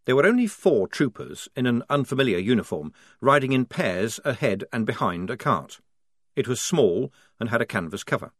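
A man reads an audiobook in a measured, expressive voice of medium pitch that rises and falls with lively range. The recording is dry and close, with no room sound. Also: no echo. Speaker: audiobook narrator. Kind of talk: scripted narration.

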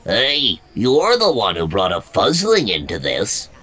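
A man's voice: fairly low pitch, huge pitch swings, unhurried, bright, forceful tone, voice pushed up, full character voice. A man voicing a brash, dismissive little male alien haggler in an audiobook. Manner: blunt, dismissive.

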